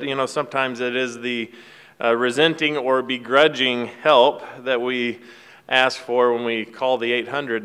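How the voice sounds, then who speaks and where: A man's voice: medium pitch, a bit bright, clear, resonant tone. A man giving a casual devotional talk, retelling a film scene in a folksy, rambling way with fillers and restarts. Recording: long hall reverb.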